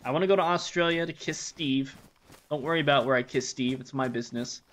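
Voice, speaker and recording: Bright-voiced joking American streamer man. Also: medium pitch, quick pace. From United States. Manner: joking, rambling, answers chat. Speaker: game streamer. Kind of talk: casual live-stream chat while gaming.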